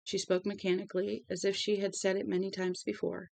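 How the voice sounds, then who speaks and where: A woman's voice: medium pitch, little pitch movement, brisk, vocal fry, a little mellow, no echo. Woman reading a novel aloud, dry sound. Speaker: audiobook reader. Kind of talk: storybook narration.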